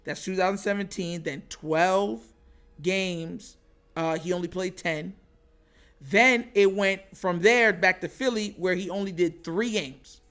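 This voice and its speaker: A man hosting a casual sports commentary show, excitable and animated, laughing often. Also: high-pitched, a little slow, clear, resonant tone.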